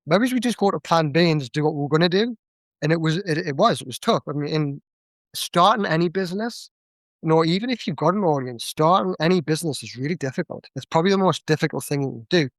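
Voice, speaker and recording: A young man from Northeast England, speaking with the region's accent, appears as a podcast guest and chats away quickly in an animated, casual manner. His voice is slightly high, and the recording is dry and close with no room sound.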